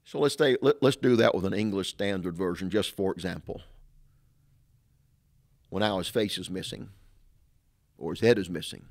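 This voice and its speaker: A man's voice: low voice, normal speed, creaky, long pauses, a little mellow. A middle-aged man, a pastor, giving a sermon-style talk, emphatic and repetitive, full of rhetorical questions.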